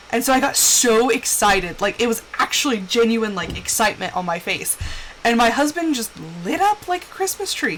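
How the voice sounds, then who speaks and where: A woman's voice: a little high, fairly bright tone, slight background noise, rough recording. A young woman chatting candidly while live-streaming a game, acting out quoted voices as she tells stories. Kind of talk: casual chat while gaming.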